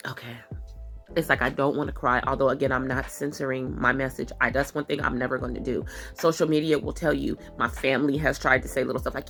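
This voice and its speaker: A woman's voice: medium pitch, gravelly, fairly bright tone. A woman hosting a podcast, speaking about her own experiences in an emphatic, confrontational way that repeats its points and is sometimes close to tears. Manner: emphatic, repetitive and confrontational, at times tearful. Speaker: podcast host. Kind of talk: personal testimony monologue.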